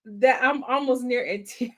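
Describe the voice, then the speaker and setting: A woman's voice: on the high side, a little slow, a bit bright. A woman hosting a movie watch-party live stream, chatting casually and effusively and laughing often.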